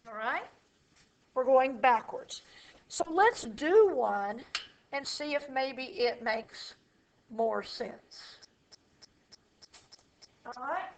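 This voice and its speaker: A woman teaching math to a class, explaining slowly and checking often that students follow. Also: high voice, lively intonation. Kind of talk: classroom lecture. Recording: echoey room from far off.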